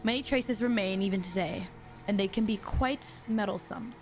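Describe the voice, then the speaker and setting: A woman streaming a mystery game, reading the dialogue aloud and breaking off into excitable, jokey asides to her chat. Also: medium pitch, normal speed, faint music behind. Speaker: VTuber streamer.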